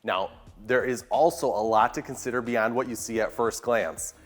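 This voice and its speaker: A man's voice: medium pitch, normal speed. An upbeat man giving a walkthrough tour of a large kitchen, enthusiastically pointing out its features. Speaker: home tour guide. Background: soft background music.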